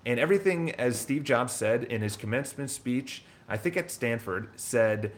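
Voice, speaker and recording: A real estate broker and business owner telling his story in casual, rambling talk, blunt and quick to swear. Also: medium pitch, animated.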